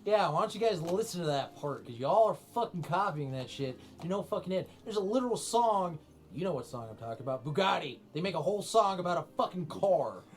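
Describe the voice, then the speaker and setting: A man's voice: high-pitched, expressive, fairly quick, few pauses. Ranting, swearing male co-host. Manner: profane, ranting, incredulous. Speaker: podcast co-host. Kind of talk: casual chat.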